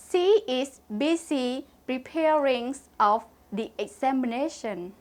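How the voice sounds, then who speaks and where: A young woman teaching English words in a lesson, spelling each word letter by letter and repeating it. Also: on the high side. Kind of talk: slow vocabulary lesson with spelling and repetition.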